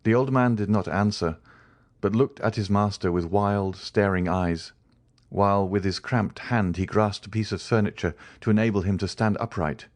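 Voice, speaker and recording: A male narrator reads a classic novel aloud with a low voice. His delivery is measured and even, with a scripted audiobook style. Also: dry recording.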